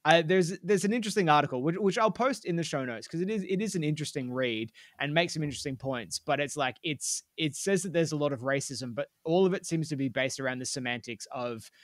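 A man's voice: a little high, fast talker, few pauses, dry recording, clean studio sound. A man, co-hosting a casual podcast, chatty, with lots of fillers and some swearing. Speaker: podcast co-host. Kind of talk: casual chat.

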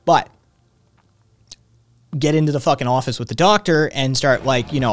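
A man's voice: medium pitch, moderate pace. Profane man ranting on a live stream. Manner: profane, ranting, talks to chat. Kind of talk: casual live-stream chat. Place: home.

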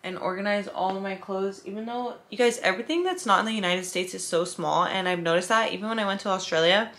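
A woman's voice: medium pitch, fast talker, a bit bright. Tired, chatty woman vlogger. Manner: chatty, emotional, swears casually. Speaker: fitness vlogger. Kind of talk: casual vlog chat. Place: hotel room.

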